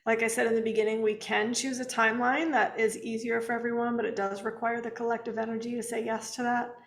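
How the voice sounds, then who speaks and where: A woman's voice: a little high, flat delivery, fast talker. Tired woman co-hosting in an echoey room. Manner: earnest and gentle, with frequent soft laughs. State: tired, yawning. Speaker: co-host. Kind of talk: casual spiritual chat on a livestream.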